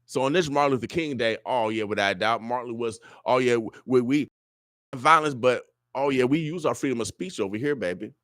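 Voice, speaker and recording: Broadcasting from a radio studio, a man from Omaha, Nebraska, USA hosts a morning show, his medium-pitched, slightly bright voice moving fairly quickly. He preaches and fires listeners up in an emphatic, sermon-like manner, repeating "oh yeah," over clean audio with no room sound.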